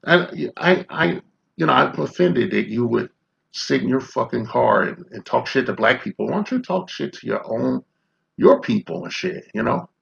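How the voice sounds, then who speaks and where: A man's voice: medium pitch, vocal fry, fairly bright tone, highs cut off. A man in his fifties from Chicago, ranting in confrontational, profane commentary full of rhetorical questions. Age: 50s. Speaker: commentary vlogger.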